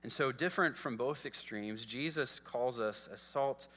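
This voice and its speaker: Preacher guy, bright forceful voice, long echo off a big church hall. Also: mid-range voice, normal speed. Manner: earnest, repeats words, asks "okay?" often. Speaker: pastor. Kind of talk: sermon. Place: church sanctuary.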